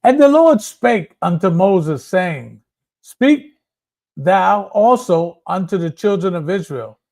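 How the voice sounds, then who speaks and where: High-pitched man reading scripture slowly. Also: lively intonation, vocal fry, a little mellow. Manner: slow, deliberate reading. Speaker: scripture reader.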